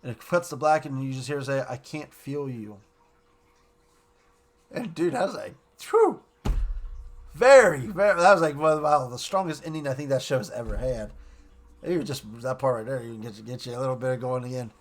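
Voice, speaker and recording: Speaking in a mid-range voice, a man excitedly rambles through a casual recap and review of a cartoon episode. He sprinkles in brief quotes from the characters.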